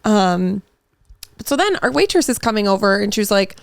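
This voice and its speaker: A young woman co-hosting a podcast rambles happily through a story, and "like" fills her sentences. Her voice sits at a middle pitch. The recording is close and dry, with no room sound. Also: sing-song, fairly quick, vocal fry, dry recording. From Massachusetts. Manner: chatty storyteller, lots of "like". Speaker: podcast co-host. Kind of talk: casual chat.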